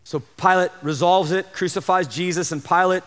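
A man preaching a sermon as a pastor in a church, fervent, swinging between loud emphatic lines and hushed asides. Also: high-pitched, steady tone, moderate pace. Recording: long hall reverb.

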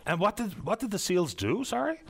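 A man's voice: high-pitched, big pitch swings, a little fast, creaky, husky. A man hosting a call-in radio show, chatty and easygoing, thinking aloud. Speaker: radio talk show host.

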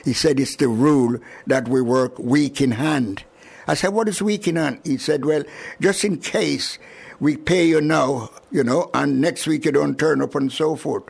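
An older man from Jamaica with a Jamaican accent, recalling his arrival in an oral history interview with chuckles and lively retelling. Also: mid-range voice, measured pace, gravelly, slightly rough. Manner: chuckling, animated storyteller.

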